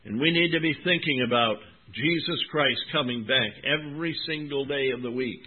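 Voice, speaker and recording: A man preaching a sermon, reading scripture with emphatic, drawn-out stresses and calling his listeners "my friend" and "folks.". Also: mid-range voice, slightly rough. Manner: emphatic, drawn-out Bible reading, rising and dropping in volume. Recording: tinny phone-like recording.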